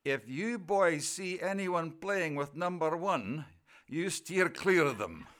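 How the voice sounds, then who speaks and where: A man's voice: fairly high pitch, lively intonation, takes it slowly, fairly bright tone, pitched above the performer's own voice. A man voicing his awkward, terse Scottish father with a Scottish accent, giving a stern warning.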